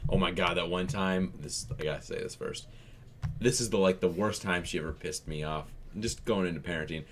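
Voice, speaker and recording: A man co-hosting a reaction channel tells an exasperated parenting story and swears freely along the way. His voice sits very low, with faint noise behind it. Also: a little fast. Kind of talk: casual storytelling chat.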